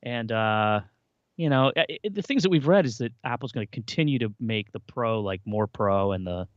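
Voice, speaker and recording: A man co-hosting a casual podcast, easygoing and a little rambling, padding his points with fillers. His voice is mid-pitched. The recording is dry and slightly muffled. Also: animated, moderate pace, no echo. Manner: easygoing, reads out rumor roundups with many fillers. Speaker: podcast co-host. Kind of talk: casual chat.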